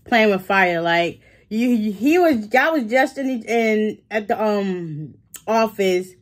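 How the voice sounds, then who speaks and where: A woman's voice: mid-range voice, expressive, slow. A woman vlogger casually recapping a TV episode, acting out the characters' lines with laughs and fillers.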